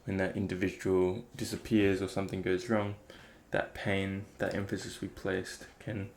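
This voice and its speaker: A man's voice: sits low, little pitch movement, normal speed, vocal fry. A man thinking aloud in a casual, reflective talk about meditation, rambling with many fillers. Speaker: meditation vlogger.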